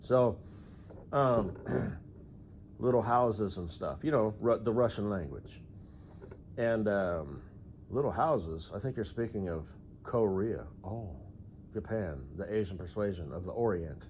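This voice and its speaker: A man rambling through a solo audio monologue, full of fillers and frequent throat clearing. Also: lowish voice, a little slow, slight background noise. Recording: dull lo-fi recording.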